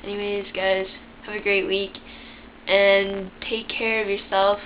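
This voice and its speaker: A woman's voice: medium pitch, level tone, unhurried. A young woman telling embarrassing childhood stories in a chatty, candid, self-mocking way, swearing freely. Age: young adult. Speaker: vlogger. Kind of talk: casual storytelling to camera. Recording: dull lo-fi webcam sound with faint hiss.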